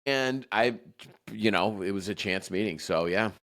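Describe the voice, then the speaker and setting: A man in his forties, a chef appearing as a podcast guest, talks in a somewhat low voice. He rambles and corrects himself in casual chat. His delivery stays loose and conversational. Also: a little slow, fairly bright tone.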